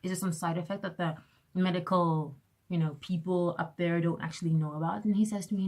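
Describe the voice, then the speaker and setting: Young woman, vlogger, sarcastic, exasperated, somewhat low voice. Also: steady tone, a little fast, darkish tone. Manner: exasperated, sarcastic storytelling with mocking voices for others. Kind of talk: casual vlog rant.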